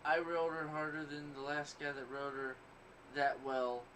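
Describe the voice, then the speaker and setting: A man with a somewhat high voice hosts a crude, casual podcast, telling blunt stories full of profanity and bragging. He sits well back from the mic. A clear noise runs under everything he says. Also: fairly even intonation, normal speed, pushed and bright. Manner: profane, blunt, boastful storytelling. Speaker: podcast host. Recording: distant mic, noisy background.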